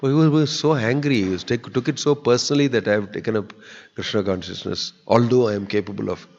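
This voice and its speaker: A low-voiced man preaches in a temple hall, earnest and conversational. His voice rings with a long hall reverb. The recording sounds dull and lo-fi. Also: fast, gravelly, a little mellow. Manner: earnest, conversational, acts out quoted people. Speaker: spiritual teacher giving a discourse. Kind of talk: sermon.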